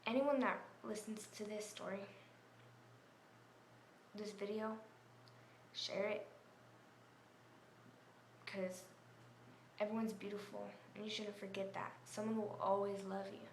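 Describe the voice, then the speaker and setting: Flat-voiced woman narrating somberly. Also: mid-range voice, slow, long pauses. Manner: somber, earnest, with small self-corrections. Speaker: storyteller. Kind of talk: earnest home-video narration. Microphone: camera mic. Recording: echoey room, faint hum.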